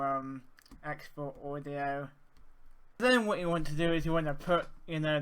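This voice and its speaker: A man walks through a software tutorial in a casual, halting way, pausing often on fillers. His voice is bright and crisp and sits a little high. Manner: informal, hesitant, many fillers. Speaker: arts facilitator teaching audio effects. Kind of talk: screen-share software tutorial.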